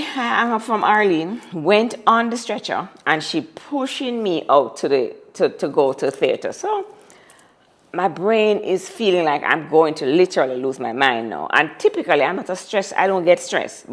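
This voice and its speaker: A woman telling a personal story as an interview guest, dramatic and repeating phrases for emphasis. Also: on the low side.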